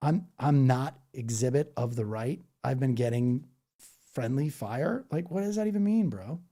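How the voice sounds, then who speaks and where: A man talks on a live stream, reading viewers' comments and answering them head-on. His voice is dark and mellow, but his manner is blunt and combative. He leans on "dude" and "bro" and now and then mocks people with put-on voices. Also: mid-range voice, expressive, moderate pace. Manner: blunt and argumentative, slips into mocking voices; says "bro" and "dude" a lot. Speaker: livestreamer reading chat. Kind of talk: casual live-stream chat.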